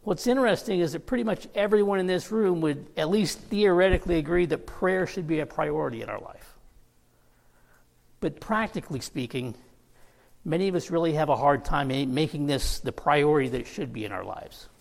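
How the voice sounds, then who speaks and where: A man's voice: a little high, animated, fairly quick, vocal fry. A man preaching a sermon, telling a personal story with laughs and easy asides. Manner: storytelling, laughing through anecdotes. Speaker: pastor. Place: church sanctuary. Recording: long reverb of a church hall.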